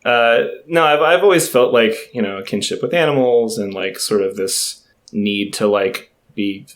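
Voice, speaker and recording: Man, podcast guest, earnest rambler with a lowish voice. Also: moderate pace, fairly bright tone. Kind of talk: casual chat.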